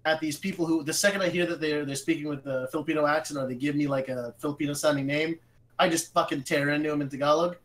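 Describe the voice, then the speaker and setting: A man's voice: on the high side, steady tone, fast talker, a bit bright, rough recording. A young man co-hosting a podcast, telling long profane stories in casual chat. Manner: profane rambling storyteller. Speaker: podcast co-host.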